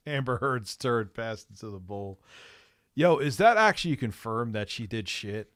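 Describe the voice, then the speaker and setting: A man's voice: mid-range voice, lively intonation, moderate pace, fairly bright tone, no room sound. A man hosting a casual livestream, rambling in a loose, crude way and swearing freely. His voice sits in an ordinary middle range and sounds dry and close, with no room around it. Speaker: livestream host.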